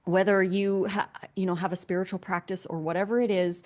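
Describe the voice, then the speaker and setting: A young adult woman speaks casually as co-host of a wellness talk. She explains ideas in an easygoing, conversational way, slowing down on key points and leaning on everyday examples. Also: medium pitch, flat delivery, darkish tone.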